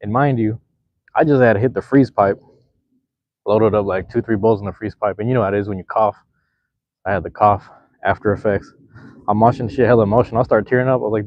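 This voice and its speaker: A young man hosting a live stream, chatting with viewers in a relaxed, slangy, rambling way. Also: lowish voice, quick pace, dry recording, muffled recording. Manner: laid-back, slangy, rambling. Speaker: livestream host. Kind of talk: casual live chat with viewers.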